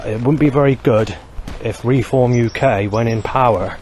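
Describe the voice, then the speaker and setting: A man talking alone to camera in a rambling monologue, halting often to search for words. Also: mid-range voice, darkish tone, slight background noise. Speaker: vlogger.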